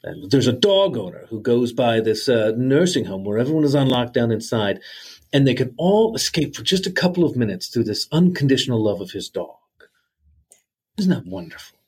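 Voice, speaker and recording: A man's voice: medium pitch, big pitch swings, moderate pace, darkish tone, husky. A man playing a jolly, sentimental old Santa Claus as an interview guest, folksy and chuckling. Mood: heartfelt. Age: older.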